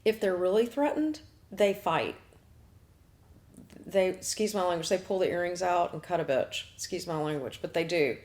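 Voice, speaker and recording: A woman's voice: on the low side, normal speed, a little mellow. A woman hosting a talk show as an astrologer, chatting casually with blunt asides and frequent laughs. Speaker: astrologer host.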